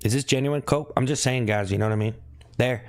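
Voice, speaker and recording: A man talking casually on a live stream, thanking viewers by name and asking if he looks upset, with sudden high whoops. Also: fairly quick. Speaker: livestreamer.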